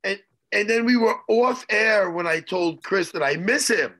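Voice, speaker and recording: A man co-hosting a casual podcast, talking in an animated, profane, teasing way. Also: high voice, a little slow. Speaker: co-host.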